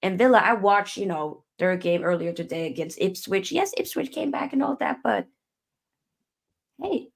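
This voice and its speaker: A woman's voice: mid-range voice, animated, normal speed, creaky, husky. A woman hosting a live football reaction stream, chatting in an upbeat, teasing way with her guests. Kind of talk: live match reaction chat.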